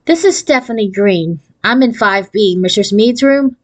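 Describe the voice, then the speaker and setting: A woman's voice: mid-range voice, animated, unhurried. A woman voicing a bold, slightly theatrical fifth-grade girl in a storybook read aloud.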